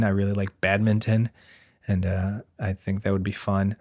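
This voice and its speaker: A man in his thirties talks in a loose, rambling comic monologue, riffing on his own nerves about becoming a father. His voice sits on the low side and is recorded close and dry, with no room sound. He keeps slipping into quick put-on quotes and puns. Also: little pitch movement, darkish tone, no room sound. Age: 30s. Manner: rambling, self-deprecating, wordplay and put-on quotes. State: nervous expectant father. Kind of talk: casual comedic monologue.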